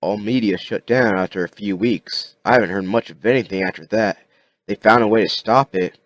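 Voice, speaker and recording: A man's voice: fairly low pitch, moderate pace, no echo, dull audio, close to an everyday voice. A man voicing a folksy, wary survivor father who talks in a casual drawl. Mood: explaining.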